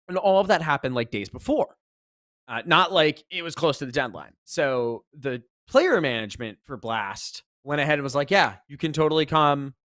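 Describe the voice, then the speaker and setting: A man co-hosting a casual podcast, telling a story with animation, rising loud when exasperated and swearing freely. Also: medium pitch, lively intonation, normal speed, no room sound, studio quality. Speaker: podcast co-host, esports commentator.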